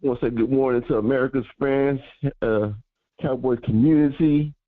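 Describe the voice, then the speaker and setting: A man calling in to a sports show, relaxed and friendly, with some hesitant pauses. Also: mid-range voice, no room sound. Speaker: caller. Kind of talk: phoned-in fan talk. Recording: tinny phone line.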